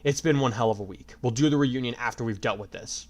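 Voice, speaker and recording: A man's voice: medium pitch, fast, lightly acted. A man voicing a stern, commanding young swordsman leading his friends.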